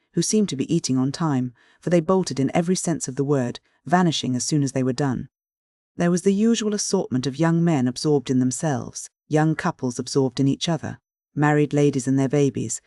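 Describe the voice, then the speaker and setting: Guy reading an audiobook, even clear delivery, dry close mic. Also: fairly high pitch, no room sound. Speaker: audiobook narrator. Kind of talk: scripted first-person narration of a novel.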